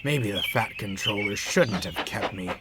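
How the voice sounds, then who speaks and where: Worried little diesel engine, guy voicing it, eager, bouncy pitch. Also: animated, measured pace. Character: gentle, anxious male diesel engine. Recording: loud background noise.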